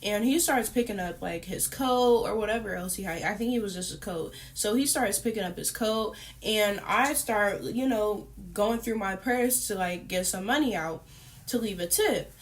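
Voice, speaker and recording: A young woman vlogger casually telling a long story to her viewers, chatty and animated, with lots of fillers. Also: medium pitch, moderate pace. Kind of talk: casual storytime while eating.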